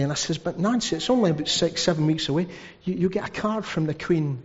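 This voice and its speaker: A man's voice: on the high side, fast talker. A man preaching a sermon as pastor, telling stories with asides. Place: church hall. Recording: dull sound with long hall reverb.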